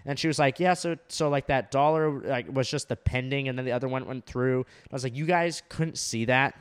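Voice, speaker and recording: A man's voice: mid-range voice, brisk, clear, resonant tone. A young man telling a story in casual chat, swearing often and full of fillers. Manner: animated storytelling, heavy swearing, many fillers.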